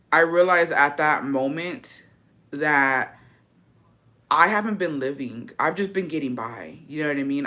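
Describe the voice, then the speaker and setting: Bright-voiced woman vlogger. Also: low-pitched. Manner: profane, dramatic, switches into Spanish phrases. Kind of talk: casual chat to camera.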